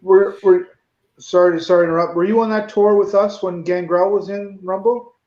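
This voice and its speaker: Male chat participant, high voice, echoey muffled remote audio. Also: little pitch movement, brisk, darkish tone. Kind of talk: casual chat. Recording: roomy, dull remote audio.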